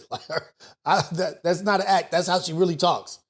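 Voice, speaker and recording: A man hosting a morning talk show, thinking out loud in a loose, profane way with many restarts. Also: sits high, steady tone, moderate pace. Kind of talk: casual talk show commentary.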